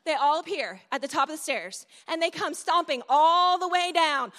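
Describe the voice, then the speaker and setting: Bright high-voiced woman preaching. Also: animated, normal speed, few pauses. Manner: storytelling, conversational with audience asides. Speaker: speaker at a church event. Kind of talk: sermon. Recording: long hall reverb.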